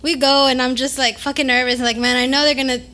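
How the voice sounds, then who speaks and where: A young woman chats on a podcast with a high, bright voice. She spins an embarrassing story with animated energy, laughing and swearing along the way. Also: fast talker. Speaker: podcast co-host. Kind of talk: casual chat, storytelling.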